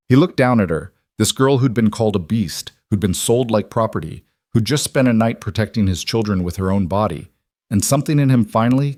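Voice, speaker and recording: A man narrating a frontier story in a measured, dramatic way. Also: lowish voice, darkish tone, no room sound, studio quality.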